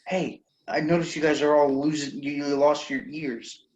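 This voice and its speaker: A man's voice: fairly high pitch, little pitch movement, normal speed, dull audio. A man playing a tabletop game in character, blunt and indignant, swearing freely. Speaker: player.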